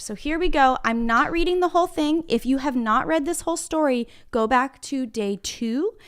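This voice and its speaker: Kindergarten teacher, high and bright-voiced, clear, encouraging, talks right to the kids from her classroom. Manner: encouraging, talks straight to the children. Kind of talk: online reading lesson for young children.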